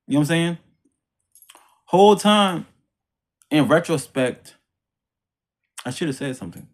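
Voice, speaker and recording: A man's voice: on the high side, expressive, moderate pace, long pauses. A man telling his life story as a religious testimony in a casual, rambling, repetitive way. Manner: rambling, repetitive, emphatic retelling; religious language. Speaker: vlogger sharing a personal testimony.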